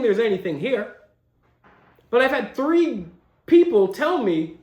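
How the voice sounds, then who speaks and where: A man's voice: very high-pitched, very animated, slow, pauses often, darkish tone. Slangy young man, roomy echo. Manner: slangy, incredulous, laughing asides. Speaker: commentary host. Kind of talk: casual commentary.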